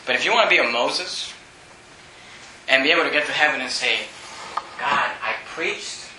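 A man, a pastor, preaching an impassioned sermon, often shouting and then dropping to a hush. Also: mid-range voice, moderate pace, echoey room, a little hiss or hum, rough recording. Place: church sanctuary.

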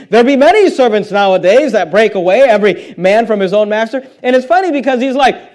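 A man's voice: extremely high pitch, a little fast, darkish tone. A man preaching a sermon in a conversational way, reading scripture aloud and putting questions to the congregation.

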